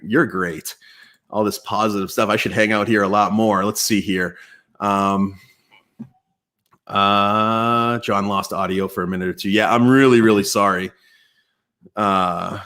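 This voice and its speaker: A man hosting a casual live-stream Q&A from an indoor desk mic, chatty and relaxed, with many fillers and restarts. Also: fairly low pitch. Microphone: external mic at home computer.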